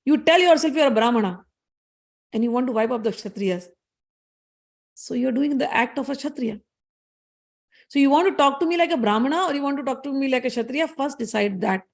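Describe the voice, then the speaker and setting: A gentle, humble young prince, as a woman storyteller puts him on reasons with calm respect. The voice sits high and slightly gravelly, patient and earnest. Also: a little fast, pauses often.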